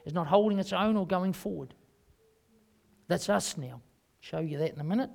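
A man with a New Zealand accent preaching a sermon, rambling and emphatic, swinging between loud and quiet. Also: sits high, normal speed, gravelly. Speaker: pastor.

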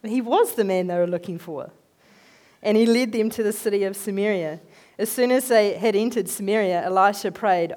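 A woman giving a conversational sermon, telling animated, chatty stories in an everyday voice. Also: mid-range voice, normal speed. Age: adult, working as a head teacher. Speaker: lay speaker giving a talk.

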